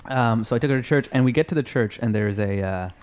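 A man's voice: mid-range voice, fast. A man in his early thirties telling a funny story as a podcast guest in casual chat. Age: 30s. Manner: storytelling, animated, jokey.

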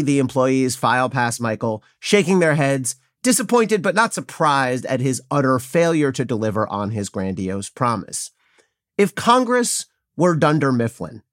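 Male podcast host, wry and opinionated, lively pitch, dry close sound. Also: no echo. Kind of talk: scripted political commentary.

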